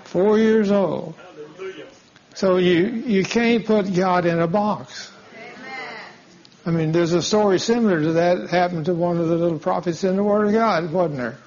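A man's voice: high voice, a little slow, darkish tone. A man preaching a sermon, telling a folksy story and acting out the dialogue. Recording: dull lo-fi sound.

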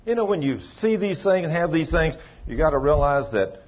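A man preaching a sermon as pastor, telling a story and acting out the dialogue, swinging between loud and soft. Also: a little high, very animated, brisk, lo-fi sound.

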